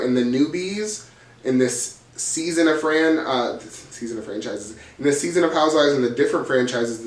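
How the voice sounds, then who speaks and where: A man chatting through a reality TV recap, gossipy and blunt with plenty of swearing, his voice sitting at an ordinary middle pitch. He sounds a little away from the mic in a roomy space that echoes. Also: recorded from a distance. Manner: gossipy, profane, dramatic retelling. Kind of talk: casual recap vlog.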